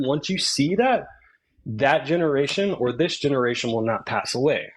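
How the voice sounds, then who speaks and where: A man's voice: medium pitch, a little hiss or hum, low-quality recording. A man calling into an online debate, talking in an insistent way and cutting in often. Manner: insistent, interrupting. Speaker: debate caller.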